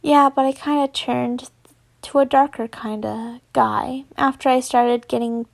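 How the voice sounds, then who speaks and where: Casual fan-story read of a moody teen boy by a woman, slow and gravelly. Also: fairly high pitch, fairly even intonation. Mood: glum. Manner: reads casually, stumbling. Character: teenage boy, moody and playful.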